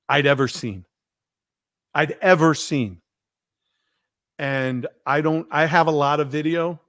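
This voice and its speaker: A man hosting a podcast, telling a story in an animated way and acting out the people he quotes. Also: medium pitch, no room sound, studio quality. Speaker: podcast host. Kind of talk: casual storytelling chat.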